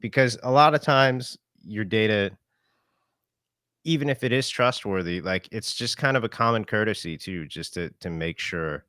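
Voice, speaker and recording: Low-voiced podcast host, dry sound. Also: male voice, moderate pace, a bit bright, no echo. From West Michigan. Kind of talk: casual chat.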